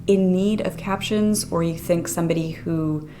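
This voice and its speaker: Canadian woman co-host, relaxed and matter-of-fact, slightly low voice. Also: moderate pace, a little hiss or hum. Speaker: podcast co-host. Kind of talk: casual chat.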